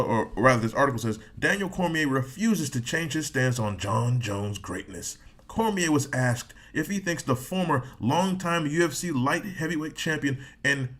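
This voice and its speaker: Guy doing a casual reaction vid, reads an article out loud, keeps wandering off into jokes. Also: medium pitch. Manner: rambling, joking asides, laughs often. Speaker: reaction video host.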